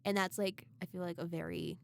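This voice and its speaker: A young woman co-hosting a podcast, reacting to her friend's story with quick, shocked sympathy. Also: lowish voice, fairly even intonation, gravelly, slight background noise. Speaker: podcast co-host. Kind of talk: casual chat.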